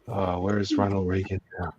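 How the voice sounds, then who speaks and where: A man's voice: deep voice, monotone, a little fast, darkish tone, highs cut off, slight background noise. A man in casual chat among friends, emphatic and jokey.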